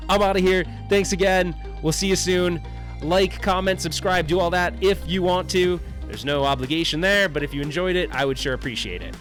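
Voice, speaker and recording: A man chats loosely with his livestream audience, rambling and joking in a slightly raised voice. Faint music plays softly under him. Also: fairly high pitch. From United States. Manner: jokey, rambling, does goofy put-on voices. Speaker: livestream host. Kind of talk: casual livestream chat.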